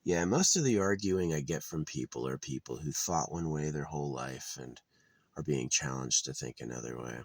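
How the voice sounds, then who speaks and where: A man's voice: very deep voice, expressive, moderate pace, vocal fry, darkish tone, no room sound. A man rambling in a blunt, crude monologue outdoors, full of fillers and restarts. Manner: meandering, crude, blunt opinions with many fillers.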